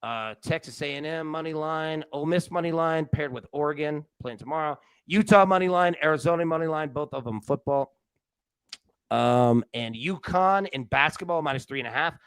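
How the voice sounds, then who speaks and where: A man hosting a sports betting show, energetic and joking in casual, rambling chat. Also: a little high, normal speed, clear, resonant tone, no room sound.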